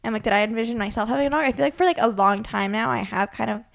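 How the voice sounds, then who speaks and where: A woman's voice: a little high, very fast, creaky. A young adult woman in casual chat with friends, easygoing, adding wry remarks.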